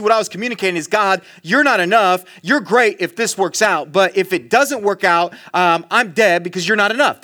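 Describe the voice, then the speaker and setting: A man preaching a sermon as a pastor, telling a personal story with animated, self-mocking asides and sudden hushed drops. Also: high-pitched.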